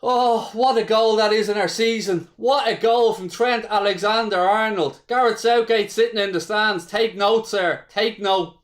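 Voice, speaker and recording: His voice is high-pitched and his pace moderate, with hardly any pauses. The speaker is an Irish man running a live football watchalong, swearing freely, calling the play as a fan, and talking with viewers.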